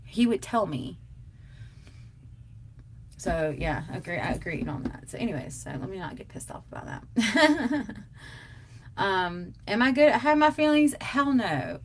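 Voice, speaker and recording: A woman's voice: medium pitch, very animated, measured pace, pauses often, slight background noise. A young adult woman, chatting casually and emphatically to viewers on a live stream as its host. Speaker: livestream host answering tag questions.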